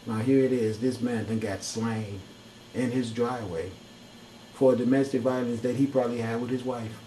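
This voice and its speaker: A man's voice: mid-range voice, fairly even intonation, moderate pace, dark tone, a little hiss or hum, low-quality recording. A man delivering heated, profane, preachy commentary in an angry rant. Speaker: video commentator.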